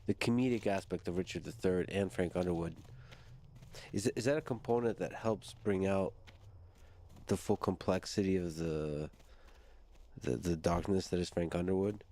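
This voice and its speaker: A man's voice: low-pitched, moderate pace, pauses often, mellow. A man interviewing a guest, asking thoughtful questions while searching for his words.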